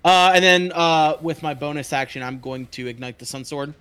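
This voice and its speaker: A man's voice: a little high, normal speed, sharp tone, smooth. A man playing a tabletop game who thinks aloud, counts dice under his breath and cracks jokes. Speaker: player. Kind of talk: casual tabletop game chat.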